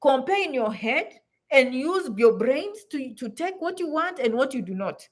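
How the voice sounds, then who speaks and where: A high-pitched woman speaks straight to her viewers. She is blunt and emphatic, and she drives each point home by saying it again. Her tone is that of a vlogger handing out frank advice. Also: very animated, moderate pace. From Africa. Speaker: vlogger giving advice to immigrants. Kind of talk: direct-to-camera advice talk.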